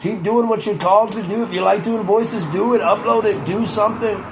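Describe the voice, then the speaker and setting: A man's voice: high voice, fairly even intonation, fairly quick, background noise. A man doing a rambling, boastful older public figure. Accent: Boston. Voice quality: rambling, repetitive, profane. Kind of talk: comedic impression monologue.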